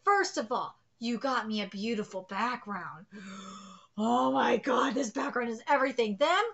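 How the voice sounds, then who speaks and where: A woman's voice: a little high, lively intonation, normal speed, creaky, fairly bright tone, lo-fi sound. A woman hosting a live manga reaction, gushing and exclamatory and swearing freely as she comments.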